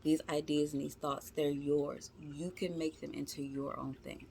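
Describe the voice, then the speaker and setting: A woman with a lowish voice gives a casual tarot reading. She talks to her viewers as "y'all" in chatty, informal slang, reassuring and encouraging them. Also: level tone, normal speed, vocal fry, darkish tone, slight background noise. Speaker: tarot reader.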